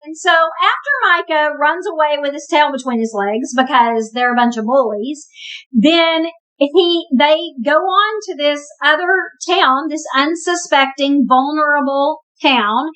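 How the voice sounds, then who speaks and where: A woman with a high voice retells a Bible story casually, as if chatting with friends. She adds wry, emphatic asides as she goes. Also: measured pace, fairly bright tone, low-quality recording. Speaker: Bible teacher.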